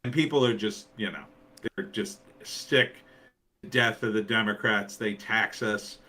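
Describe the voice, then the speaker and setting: A man from New Jersey chatting casually, his voice bright and forceful and pitched a little low. He rambles along with plenty of fillers as he talks on a stream. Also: measured pace. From New Jersey, USA. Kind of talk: casual chat.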